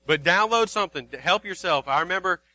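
A man's voice: high voice, lively intonation, quick pace, pushed and bright, low-quality recording. A man preaching a sermon, earnest and repetitive, quoting King James scripture to his congregation.

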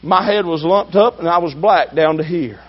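A man preaching a sermon with emphasis, swinging between loud drawn-out shouts and low asides. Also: highs cut off.

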